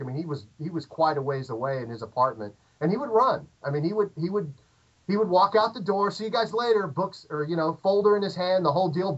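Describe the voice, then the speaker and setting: A middle-aged American man telling a long, animated anecdote in casual chat, with lots of fillers and restarts. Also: on the high side. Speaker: podcast guest. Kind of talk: casual storytelling. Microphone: remote call audio. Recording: dull lo-fi call audio.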